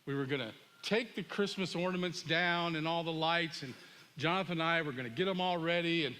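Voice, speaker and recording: Middle-aged male pastor, animated sermon storyteller, bright and high-pitched. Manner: animated storyteller, acts out dialogue.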